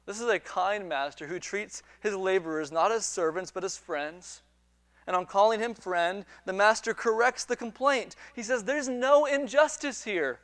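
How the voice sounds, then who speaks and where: A man's voice: high voice, moderate pace, a bit bright, no echo. A man preaching a sermon, retelling a parable with quoted dialogue and repeated words as he builds each point. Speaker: pastor.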